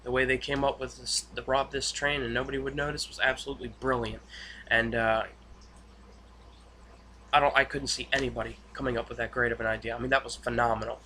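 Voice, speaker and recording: A man talks through a TV episode in a loose, rambling recap, stacking fillers and eager asides as he goes. His voice is bright and forceful at a middle pitch. Faint hiss sits behind him. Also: a little fast. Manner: rambling, filler-heavy retelling with excited asides. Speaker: TV episode reviewer. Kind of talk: casual spoken episode recap.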